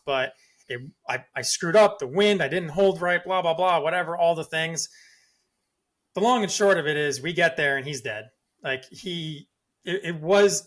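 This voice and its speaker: A man hosting a podcast, retelling a hunt in an excited, casual way full of "like"s. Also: on the high side. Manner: excited, lively retelling with many "like"s. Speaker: podcast host. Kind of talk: casual storytelling.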